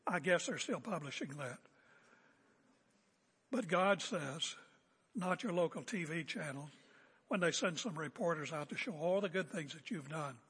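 High-pitched, husky preacher man. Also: expressive, a little slow, long pauses, fairly bright tone. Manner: emphatic, confrontational preaching with repeated phrases. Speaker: pastor. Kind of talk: sermon. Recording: echoey hall with long reverb.

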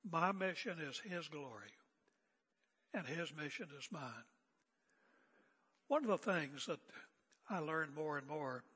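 An older man preaching a sermon as pastor, seated and speaking in a calm, conversational way with rhetorical questions. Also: fairly high pitch, a little slow, long pauses, husky, in a large hall. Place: church sanctuary. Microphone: seated at pulpit area mic.

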